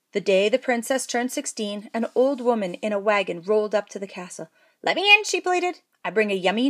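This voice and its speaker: A woman reading a comic fairy tale aloud, playful with jokey asides. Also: medium pitch. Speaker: storyteller. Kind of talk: playful storybook read-aloud.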